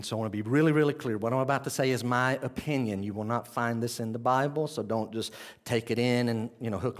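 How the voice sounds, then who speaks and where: A man preaching a sermon, talking straight to the congregation and swinging between loud emphasis and quiet intensity. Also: medium pitch. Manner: conversational, addresses the congregation directly.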